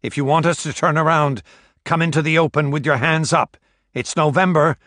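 A man's voice: lowish voice, moderate pace, dry recording. Male reader doing a cold captor figure for an audiobook: raised, clipped orders, dry sound. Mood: commanding. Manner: loud commanding calls, clipped orders. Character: ruthless male captor calling across a boat deck.

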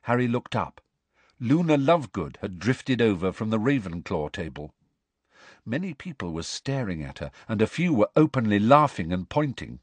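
A man's voice: lowish voice, normal speed, husky, no echo. A man narrating an audiobook expressively, acting out every character. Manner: animated, acts out the dialogue.

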